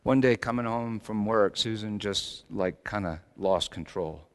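A middle-aged male pastor preaching a sermon, swinging between loud emphatic lines and soft, low asides. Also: unhurried.

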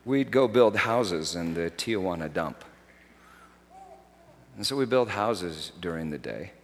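A man preaching a sermon, swinging from hushed, slow phrases to loud, soaring outbursts. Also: low-pitched, lively intonation, big-room sound, slight background noise.

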